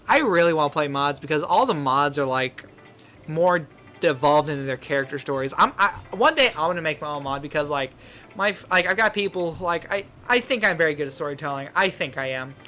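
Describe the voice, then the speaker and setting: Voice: medium pitch, animated, fairly quick, bright, forceful tone, faint music behind. A let's-play gamer reading a visual novel aloud and making joking, rambling asides. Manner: joking, rambling, talks to a puppy. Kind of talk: casual game commentary and reading.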